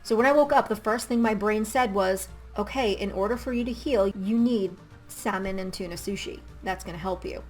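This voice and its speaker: A woman's voice: mid-range voice, moderate pace, soft background music. A young adult woman chatting candidly in a casual vlog storytime, acting out little quotes as she goes. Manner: chatty and candid, acts out quotes with a jumpy lively energy. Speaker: vlogger.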